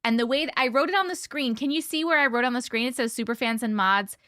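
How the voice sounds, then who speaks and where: A bubbly woman with a high, bright voice chats casually with viewers on her live stream. She greets people one after another in a sing-song way and giggles often, and the sound is close and dry. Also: fast, clean tone, no room sound. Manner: chatty and giggly.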